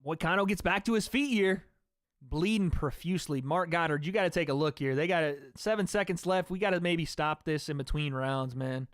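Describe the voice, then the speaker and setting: A man's voice: fairly high pitch, a little fast, no echo, clean studio sound. A young man hosting a fight watch party stream, giving casual live commentary in a loose, slangy way and talking back to his chat.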